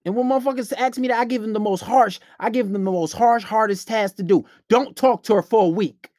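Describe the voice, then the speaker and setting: A man's voice: sits high, a little fast, a little mellow, dry recording, studio quality. A man hosting a podcast, giving blunt, profane dating advice in a preachy, casual rant. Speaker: podcast host.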